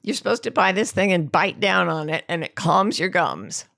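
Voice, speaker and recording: A woman's voice: lowish voice, moderate pace, vocal fry, no echo, clean studio sound. A middle-aged woman co-hosting a podcast in casual chat, telling stories with frequent laughter. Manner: laughing, animated storytelling. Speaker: podcast co-host.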